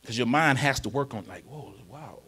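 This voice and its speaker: A man's voice: medium pitch, fast. A man preaching a conversational sermon in a church, often asking the congregation whether they follow him and growing more emphatic as he reads scripture. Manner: informal, repeatedly checks in with the congregation; rises to emphatic, louder delivery when reading scripture. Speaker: pastor.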